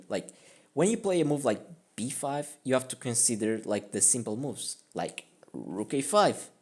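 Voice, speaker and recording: A man's voice: mid-range voice, a little mellow. Self-mocking man talking through a game. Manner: rambling and self-mocking, full of "like" and "I mean". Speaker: chess streamer reviewing his own game. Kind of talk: casual game commentary.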